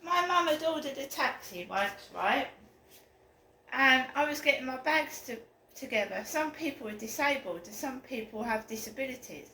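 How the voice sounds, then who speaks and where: A woman's voice: high-pitched, animated, normal speed, sharp tone. A woman telling a long story to camera in a rambling, indignant way that gets worked up. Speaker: vlogger. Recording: roomy echo, faint room noise.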